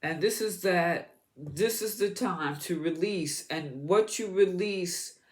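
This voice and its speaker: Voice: mid-range voice, slow pace. A tarot reader giving an astrology reading to the viewer, encouraging and repeating words as the cards come up.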